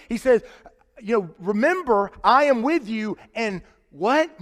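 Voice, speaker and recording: High-voiced preacher in a reverberant sanctuary. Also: male voice, animated, measured pace. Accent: Midwestern American. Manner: conversational, swings from loud emphatic to quiet and low. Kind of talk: sermon. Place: church sanctuary. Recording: live church sanctuary with long reverb.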